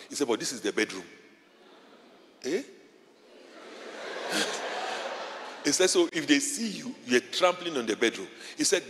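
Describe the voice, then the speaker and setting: A man preaching a sermon as pastor, telling stories with sudden shouts and laughter. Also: mid-range voice. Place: large church hall. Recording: long hall reverb.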